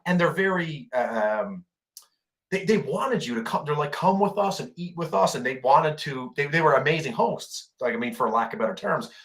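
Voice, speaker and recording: A man's voice: medium pitch, animated, normal speed, a bit bright. A man from Canada co-hosting a veterans' podcast, telling a story from his deployment. He rambles, repeats himself and restarts his sentences, with plenty of fillers along the way. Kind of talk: casual storytelling chat.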